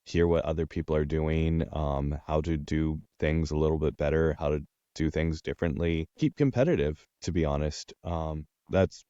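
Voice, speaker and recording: A man's voice: extremely low pitch, normal speed, dark tone, smooth, no room sound, muffled recording. A man, an audiobook narrator from Texas, chatting in an interview with many ums and uhs. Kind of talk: casual interview chat.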